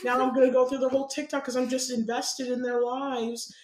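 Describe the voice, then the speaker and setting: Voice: high-pitched, level tone, fairly quick, background noise. Chatty podcast guest, filler-heavy and eager, in a roomy echo. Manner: rambling, filler-heavy, enthusiastic. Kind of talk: casual chat.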